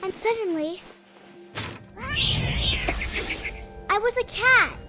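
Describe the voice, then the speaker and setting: A woman voicing a hungry, curious young girl reading her diary aloud in a game, in a soft childlike voice. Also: very high voice, lively intonation, drawn-out words, exaggerated voice. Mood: dreamy. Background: game music.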